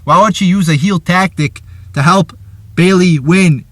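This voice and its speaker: A man's voice: high-pitched, measured pace, no room sound. A man reviewing a wrestling show in an angry, profane rant, often stammering and repeating his words.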